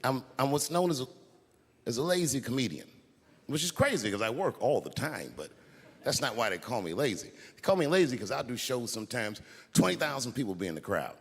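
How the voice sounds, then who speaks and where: A man doing stand-up comedy on stage at a large live venue, telling stories in a laid-back way with sudden loud outbursts. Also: medium pitch, sing-song, brisk, slightly rough. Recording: echoey arena with crowd noise.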